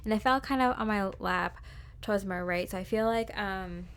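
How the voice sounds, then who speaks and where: A woman's voice: medium pitch, moderate pace, clear, resonant tone. A young woman giving a casual tarot reading, rambling and chatty, with lots of fillers and small laughs. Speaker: tarot card reader.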